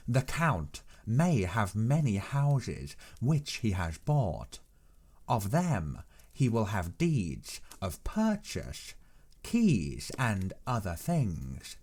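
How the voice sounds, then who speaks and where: A man voicing an old, learned professor who speaks in a measured, earnest, persuading way in an audiobook reading. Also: lowish voice, a little mellow, exaggerated voice. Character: old learned male professor, grave and insistent.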